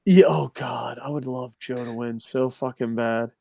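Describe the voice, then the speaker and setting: A man's voice: mid-range voice, steady tone, measured pace, vocal fry, dark tone, no echo, studio quality. A man co-hosting a casual wrestling chat, sarcastic and swearing freely, laughing at his own jokes. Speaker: podcast co-host.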